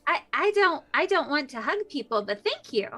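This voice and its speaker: A woman with a high, bright voice plays her character politely and cheerfully. Her pitch moves a lot from line to line as she turns down favours with good manners. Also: very animated, moderate pace. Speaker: player. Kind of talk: in-character role-play.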